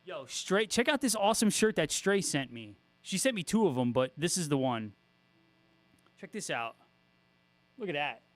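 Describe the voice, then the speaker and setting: A man with a slightly raised speaking pitch chats loosely on a guitar livestream, cracking jokes and swearing freely. The sound is close and dry, with little room around his voice. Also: sing-song, moderate pace, long pauses, dry recording. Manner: laid-back, joking, swears freely and laughs often. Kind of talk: casual livestream chat, reading viewer comments.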